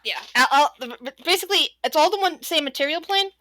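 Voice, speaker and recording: A woman's voice: high-pitched, lively intonation, fast, sharp tone, dry recording. A woman narrating as game master of a tabletop game, rambling with many restarts.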